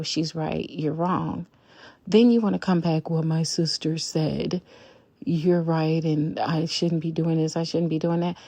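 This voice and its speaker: A woman's voice: fairly low pitch, mellow, no echo. An outspoken woman in her fifties vlogging frankly about her relationship, blunt and emphatic. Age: 50s. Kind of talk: candid relationship vlog.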